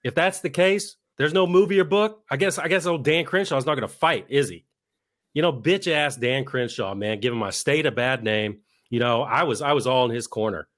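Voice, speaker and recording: A man co-hosting a podcast, talking politics in a heated, profane, mocking way, his voice jumping into high-pitched outbursts. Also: normal speed, fairly bright tone. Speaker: podcast co-host.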